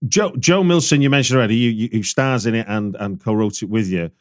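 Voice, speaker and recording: A man's voice: lowish voice, fairly quick. A man hosting a podcast, asking questions in a chatty, joking way. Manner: chatty, jokey interviewer asking follow-up questions. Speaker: podcast host. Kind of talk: casual podcast interview.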